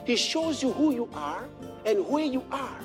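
A man preaching a sermon. He moves from quiet storytelling to shouted exhortation and quotes scripture in old-fashioned wording. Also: very high voice, sing-song, a little slow, soft background music.

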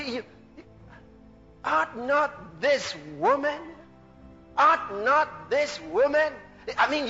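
A man preaching a fervent sermon, laughing and bursting into shouts of praise. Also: very high-pitched. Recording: dull lo-fi recording with faint music.

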